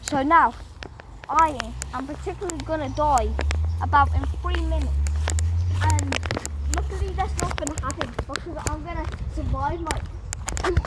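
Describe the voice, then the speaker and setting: A woman's voice: sits high, natural voice. A woman playing a brash, bumbling Australian male nature explorer in a comic mock nature show, in an Australian accent, stumbling over words and calling everyone "mate". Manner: says "mate" constantly, stumbling restarts, boastful. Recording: loud background noise.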